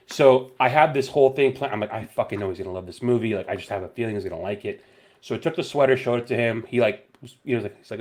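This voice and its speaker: A man's voice: fairly low pitch, brisk. A man hosting a podcast, telling stories in casual chat with lots of swearing. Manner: animated, profane storytelling. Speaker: podcast host.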